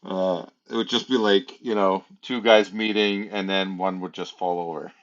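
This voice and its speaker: Deep-voiced man rambling on a livestream. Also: fairly even intonation, moderate pace. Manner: rambling, chatty, laughs often, many fillers. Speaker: livestream host. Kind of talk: casual live-stream chat. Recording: dull lo-fi sound.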